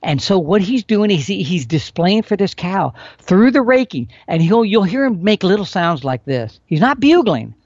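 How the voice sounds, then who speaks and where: A middle-aged expert guest with a high-sitting voice talks at a moderate pace, barely pausing, on a dull, dry recording. He casually teaches hunting techniques in a folksy, animated way, demonstrating through expressive swings.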